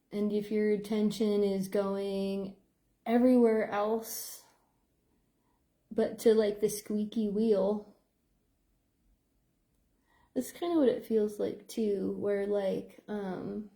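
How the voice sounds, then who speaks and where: A middle-aged woman, a psychotherapist, talking in a rambling stream-of-consciousness monologue full of fillers. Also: mellow. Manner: rambling, filler-heavy, with playful squeak sound effects. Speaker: psychotherapist and behavior analyst.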